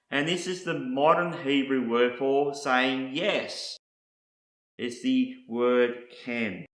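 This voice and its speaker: Slow, bright-voiced man teaching in an echoey room. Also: medium pitch. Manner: deliberate, spelling out word meanings one by one. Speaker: Bible teacher.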